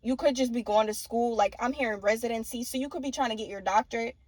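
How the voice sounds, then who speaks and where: A woman's voice: a little high, quick pace, darkish tone, no echo. A young woman giving a casual tarot reading, blunt and profane, often laughing and mimicking people. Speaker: tarot reader.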